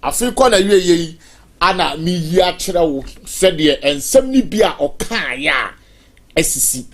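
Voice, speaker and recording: A TV host with a Ghanaian accent, talking in a lively way and putting prodding questions, switching between English and Twi. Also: mid-range voice, measured pace.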